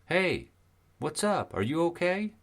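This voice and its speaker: A man's voice: on the high side, big pitch swings, takes it slowly, voice pushed up, full character voice. A man voicing a friendly male climber with a British accent, lighthearted and easygoing.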